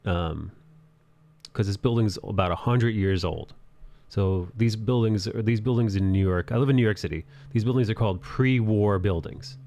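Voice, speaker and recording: Gravelly-voiced man chatting on a stream. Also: fairly low pitch, moderate pace, dark tone. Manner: chatty and loose, laughing, reading out viewer support. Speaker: streamer hosting a live drawing stream. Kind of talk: casual live-stream chat. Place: apartment in an old city building.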